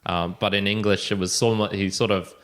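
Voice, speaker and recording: A man hosting a casual podcast in a very deep voice. He talks in a relaxed, unhurried way and often pauses on fillers. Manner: relaxed, hesitant, with many fillers and restarts. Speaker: podcast host.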